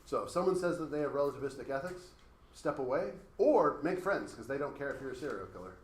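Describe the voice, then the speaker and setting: A man's voice: medium pitch, animated, quick pace. A man teaching a class, talking casually and working through hypothetical examples. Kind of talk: classroom lecture. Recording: echoey classroom with faint noise.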